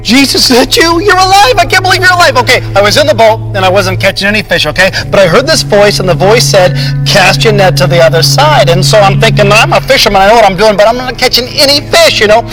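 A man playing an excitable fisherman apostle in a comedic skit, rambling and jokey. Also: high-pitched, fast, few pauses, music in the background, lightly acted, low-quality recording. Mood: overjoyed. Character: excitable male fisherman apostle, middle-aged, gushing.

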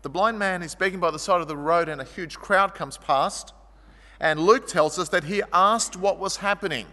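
A pastor preaches a sermon in a high, bright voice with a tense edge, speaking at normal speed. He tells stories vividly, swinging from loud, animated passages down to quiet, low ones, and a long hall reverb colors the sound.

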